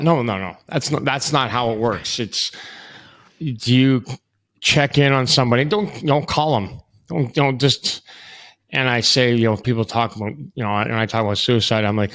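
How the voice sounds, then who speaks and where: A man's voice: medium pitch, moderate pace, a bit bright. A man talking as a podcast guest and youth hockey coach, in a blunt, rambling way with frequent restarts and some swearing. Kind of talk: candid casual conversation.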